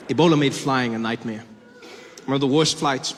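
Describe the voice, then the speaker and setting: A South African man in his thirties doing stand-up comedy, telling stories in an animated, playful way. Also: a little high, quick pace, noisy background.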